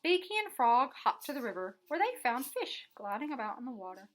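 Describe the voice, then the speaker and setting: A preschool teacher reading a picture book aloud to children in an expressive, animated way. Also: female voice, a little high, fairly quick, a little hiss or hum. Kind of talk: storybook read-aloud.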